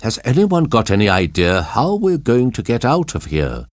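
A man's voice: on the low side, wildly swooping pitch, a little slow, dry recording, pitched above the performer's own voice, exaggerated voice. Man voicing a rude selfish plane owner, complaining, storybook reading, dry close sound. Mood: irritated.

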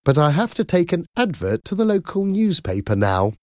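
A woman's voice: fairly low pitch, very animated, normal speed, darkish tone, dry recording, voice pushed up. A firm, worried working mother from a storybook, as a man puts her on in a raised voice. She speaks steadily and apologetically, lifting every phrase well above his usual register. The dry, close sound has no room around it.

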